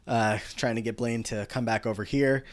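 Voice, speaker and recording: A man's voice: medium pitch, steady tone, normal speed. A man co-hosting a podcast, casually recapping a TV episode and quoting the characters as he tells it. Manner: storytelling recap that quotes characters.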